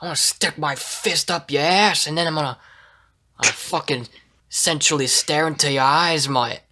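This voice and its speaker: A man's voice: fairly high pitch, normal speed, sharp tone, voice pushed up. A man voicing a macho pub brawler who makes crude, mock-tough threats. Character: macho male pub brawler turned flirty.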